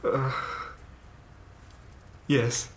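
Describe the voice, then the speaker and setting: A man's voice: drawn-out words, a little hiss or hum. An actor playing a frightened male amnesiac patient who speaks in hesitant, stammering bursts. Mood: halting, fearful. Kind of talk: TV drama acting.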